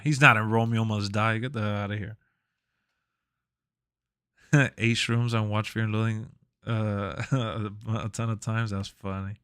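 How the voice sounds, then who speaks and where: A man streaming live, chatting casually in a relaxed, rambling, slangy way into a close mic. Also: mid-range voice, clean tone, no echo.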